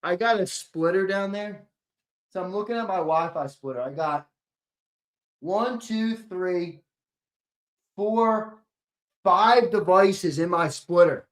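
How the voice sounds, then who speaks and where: A man's voice: sits high, takes it slowly, long pauses. A man hosting a sports talk show, chatting casually with viewers, cursing often and joking as he reacts to comments. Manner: profane, excitable ranting with sudden loud outbursts; jokey banter, reacting to comments and laughing. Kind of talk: casual livestream chat with viewers.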